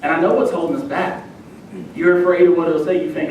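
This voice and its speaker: A man's voice: level tone, fast, a little mellow. A young man, a youth minister preaching a sermon and telling a personal story, acting out the voices he quotes. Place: church sanctuary. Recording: echoey church hall, distant mic, faint rumble.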